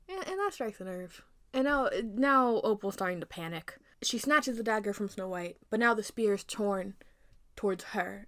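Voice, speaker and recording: A woman video creator talks through her own version of a fairy tale. She is chatty and animated, breaking off for playful asides, and her voice sits at a middle pitch. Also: moderate pace. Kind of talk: casual storytelling commentary.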